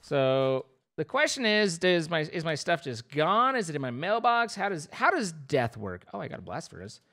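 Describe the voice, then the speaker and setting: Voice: medium pitch, very animated, normal speed, sharp tone. A young adult streamer giving playful, rambling live commentary over a game, breaking into squeals of mock panic.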